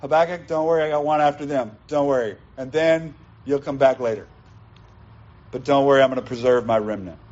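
A man voicing God in a sermon retelling, calm, measured and reassuring. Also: highs cut off, close to an everyday voice. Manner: soothing, low, measured reassurance.

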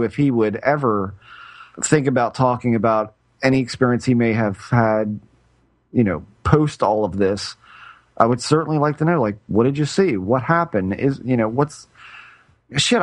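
A man's voice: mid-range voice, dry recording. Rambling middle-aged man telling a story. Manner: rambling, self-interrupting storyteller with frequent restarts. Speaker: podcast co-host. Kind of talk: casual chat.

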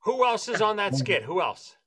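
Bright, emphatic man chatting. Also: sits high, big pitch swings, normal speed, slightly rough. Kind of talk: casual chat.

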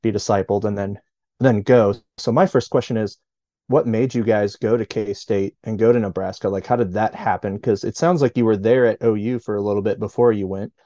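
A man's voice: on the low side, fairly even intonation, brisk, warm tone, no echo. A man interviewing a guest, asking questions in a casual and curious way.

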